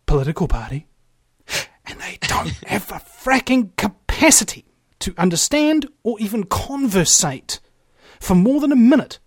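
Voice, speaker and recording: Animated New man telling jokes. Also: fairly high pitch, no room sound, clean studio sound. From New Zealand. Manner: joking, animated storyteller. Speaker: guest. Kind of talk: casual conversation.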